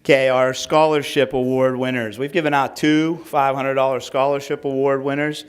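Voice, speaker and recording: A middle-aged man, a high school football coach, giving an awards speech at a team banquet, reading out names slowly with rambling asides and fillers. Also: little pitch movement, clear, resonant tone.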